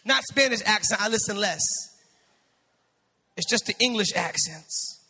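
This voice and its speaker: A very high, gravelly-voiced male pastor delivers an impassioned, unhurried sermon in a church sanctuary, his intonation lively. He builds to shouts and throws quips to the congregation, his bright tone ringing out through the long-reverberating hall.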